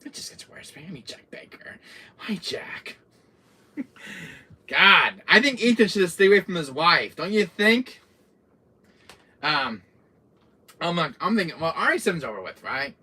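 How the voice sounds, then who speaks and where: A man hosting a gaming channel, chatting casually about horror games, who swears freely and acts out scenes in little voices and hushed whispers. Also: a little high, very animated, normal speed, husky, recorded from a distance.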